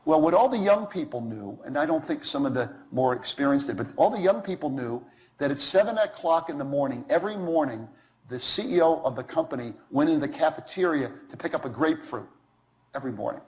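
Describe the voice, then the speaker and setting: A man giving a storytelling talk to students, acting out quoted dialogue with animated shifts of voice. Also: brisk, rough recording. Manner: animated, acts out quoted dialogue with lively pitch swings. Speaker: guest speaker to students.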